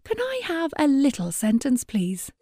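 Woman, children's radio presenter, encouraging, higher voice, dry studio sound. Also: unhurried, no room sound. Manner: animated, encouraging, lively teacher tone.

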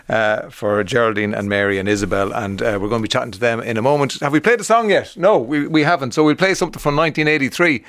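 A man's voice: mid-range voice, dry recording. An Irish man hosting a radio show, chatting casually with a guest and linking into the next items, often correcting himself. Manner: chatty, friendly sign-offs, quick self-corrections. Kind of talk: casual radio chat and links. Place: radio studio.

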